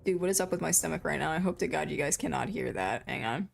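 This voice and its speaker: A woman's voice: deep voice, animated, fast, creaky, a little hiss or hum. A young woman streaming a video game, chatting casually with her viewers and muttering to herself, a self-described mumbler. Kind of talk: casual live-stream chatter while playing.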